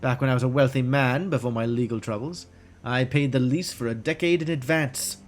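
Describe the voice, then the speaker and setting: A man's voice: mid-range voice, brisk, faint music behind, close to an everyday voice. A man reading the lines of a pompous, disgraced male elf doctor aloud from a game, in a haughty, melodramatic manner. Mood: businesslike.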